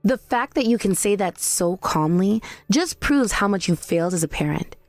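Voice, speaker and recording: A woman voicing a cool young wife in a scripted drama, who accuses in a calm, cutting way. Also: mid-range voice, normal speed, no room sound, faint music behind, close to an everyday voice. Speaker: daughter-in-law.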